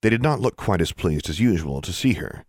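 A man with a very low voice reads a storybook aloud, even and measured. The sound is close and dry with no room around it. His pacing stays steady across long passages. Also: no echo. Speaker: narrator. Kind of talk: audiobook narration.

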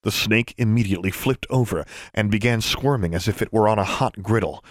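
A man narrating a fantasy audiobook in a steady, measured reading. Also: on the low side, no room sound, studio quality. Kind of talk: scripted story narration.

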